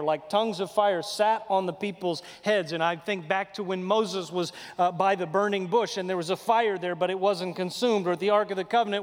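Texan preacher with a hall echo. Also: male voice. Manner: swings from loud proclaiming to low, quiet confiding. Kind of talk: sermon.

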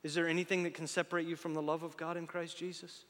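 Man, pastor, bright high voice, conversational sermon, reverb of a large hall. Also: quick pace. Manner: conversational, animated, rhetorical questions, jokey asides.

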